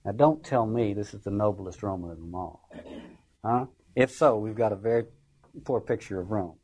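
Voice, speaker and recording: A husky-voiced man lecturing in a loose, conversational way. He is wry and dry, and he keeps slipping into little acted readings of the lines he quotes. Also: lowish voice, normal speed, darkish tone, low-quality recording. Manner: conversational, wry, acts out quotations. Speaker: literature lecturer. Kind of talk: informal lecture on a play.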